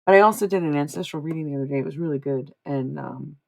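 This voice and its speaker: A woman's voice: deep voice, fast talker, gravelly, darkish tone, a little hiss or hum. A young woman livestreaming, chatting casually and giving psychic readings, rambling and repeating herself with frequent laughs. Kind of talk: casual live-stream chat.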